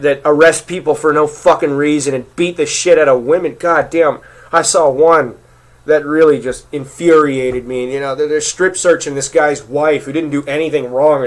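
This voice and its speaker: A man delivering an angry, profanity-heavy rant to his camera, swearing constantly and stumbling over repeated words when worked up. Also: on the high side. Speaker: vlogger.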